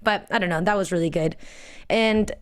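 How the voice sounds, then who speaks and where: A woman's voice: fairly low pitch, moderate pace. A woman co-hosting a movie review show in a casual, chatty way, often laughing and acting out lines from scenes. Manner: chatty and giggly, acts out scenes. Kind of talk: casual film review chat.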